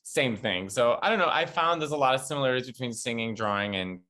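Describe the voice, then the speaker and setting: Animated comedian man with a bright voice. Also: medium pitch, fast. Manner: animated storyteller, acts out loud quotes. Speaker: comedian guest. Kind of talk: casual chat.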